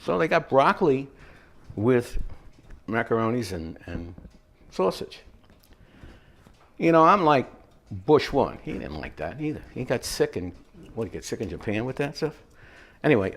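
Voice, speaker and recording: A man hosting a home cooking show, chatting in a rambling, relaxed way as he tells stories while he cooks. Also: medium pitch, gravelly. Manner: relaxed, mellow. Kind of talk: casual cooking demonstration with anecdotes.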